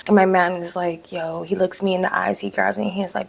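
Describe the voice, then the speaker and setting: A woman vlogger telling a personal story candidly, in an animated way. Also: medium pitch, moderate pace, vocal fry, hardly any pauses. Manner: candid, animated, acts out dialogue.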